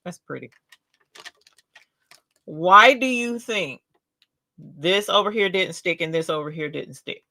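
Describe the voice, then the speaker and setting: An older woman chats through a casual live craft demo. She tells her stories in an animated, talkative way, full of asides and questions to her viewers. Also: fairly low pitch, slow, pauses often, rough recording. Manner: animated, chatty storyteller. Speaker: rhinestone crafter hosting a live stream.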